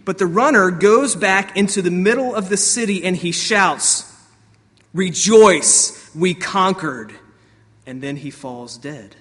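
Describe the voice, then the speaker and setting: A man preaching a sermon as pastor, animated, swinging between loud outbursts and soft asides. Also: sits high, normal speed, big-room sound.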